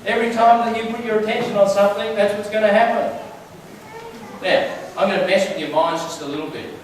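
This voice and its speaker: A man's voice: sits high, steady tone, quick pace, a little hiss or hum. A man giving a conversational sermon in a church, telling stories and asking the crowd questions. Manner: chatty, storytelling, asks the crowd questions. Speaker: church speaker. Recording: very echoey hall, mic far off.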